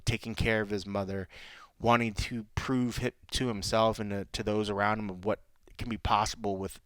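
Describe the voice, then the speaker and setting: A man's voice: lowish voice, a bit bright, smooth, no echo. Chatty man co-hosting a fight podcast. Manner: loose, chatty, acts out quoted voices. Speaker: podcast co-host. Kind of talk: casual MMA podcast talk.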